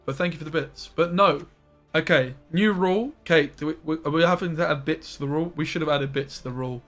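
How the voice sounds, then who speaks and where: A young man streams a card game, his voice sitting a little high for a man. He chats fast and informally to viewers and bursts into loud, startled yelps. Faint game music plays underneath. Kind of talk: live-stream commentary.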